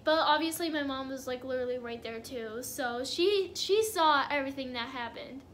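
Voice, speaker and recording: A woman's voice: high voice, normal speed, a bit bright, a little hiss or hum. A young woman telling a casual storytime on her vlog, chatty and giggly with lots of fillers. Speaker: vlogger.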